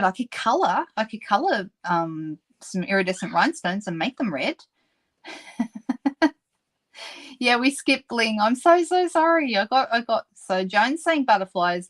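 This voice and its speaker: An Australian woman hosting a live papercraft demonstration, chatting casually with viewers, answering their comments and laughing often. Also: fairly high pitch. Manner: laughs often and apologizes playfully.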